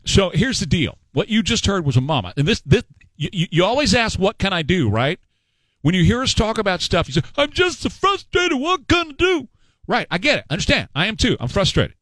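Animated talk radio host, man. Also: high voice, quick pace, dry recording, rough recording. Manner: animated, repetitive, folksy.

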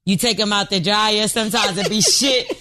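A woman's voice: mid-range voice, normal speed, bright, forceful tone. A woman in casual chat, blunt and profane, telling stories with brash confidence.

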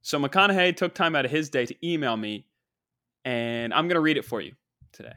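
A young man in his twenties, hosting a show with an excitable, rambling, joking comedic monologue. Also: fairly high pitch, a little fast, dry recording, studio quality. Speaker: show host.

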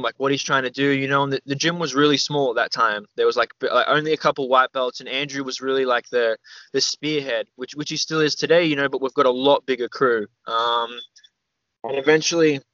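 Speaking briskly with a bright, forceful tone, this young podcast guest keeps his medium-pitched voice fairly even in intonation. He tells stories in a loose, rambling style packed with "like" and "man" during a casual interview. The sound is slightly dull and dry, without echo.

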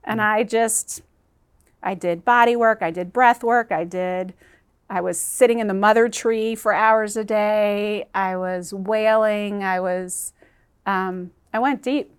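A woman's voice: medium pitch, steady tone, takes it slowly, clear, resonant tone. A woman guest in an interview, telling a personal story in an earnest, emotional way that halts at times.

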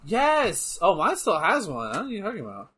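A young man chatting and joking casually while playing a wrestling game, often breaking into shouts. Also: high voice, fairly quick, breathy edge. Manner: animated, joking, bursts into shouts. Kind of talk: casual chat over gameplay.

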